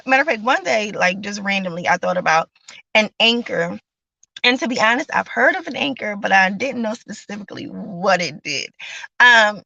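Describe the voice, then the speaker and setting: A woman's voice: a little high, creaky, fairly bright tone, no echo, lo-fi sound. A woman hosting a daily devotional livestream, talking in a chatty, encouraging way with lots of fillers and casual slang. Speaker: host of a daily devotional show.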